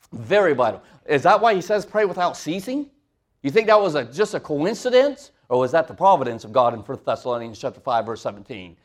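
Man preaching to a congregation. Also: on the high side. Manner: conversational, asks the congregation questions. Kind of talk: sermon.

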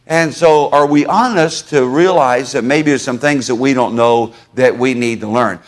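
A man's voice: mid-range voice, moderate pace. A man preaching a sermon to his congregation in a church, folksy and conversational, calling on listeners by name. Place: church sanctuary.

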